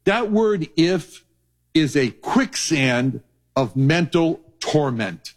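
A male pastor preaching in a loose, conversational storytelling way, stretching certain words for emphasis. His voice sits fairly high for a man. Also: animated, very slow. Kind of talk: sermon.

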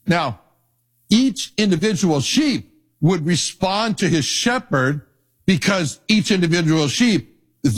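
A middle-aged man, a pastor, preaching a sermon and telling personal stories, dropping his voice low for asides. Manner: animated storytelling, drops low for asides.

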